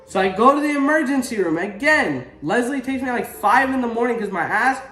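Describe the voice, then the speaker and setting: A young man vlogging casually, telling a story with swearing and loud, animated exclamations. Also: extremely high pitch, a little fast, echoey room, soft background music. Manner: animated, swearing, rising to exclaims when retelling pain.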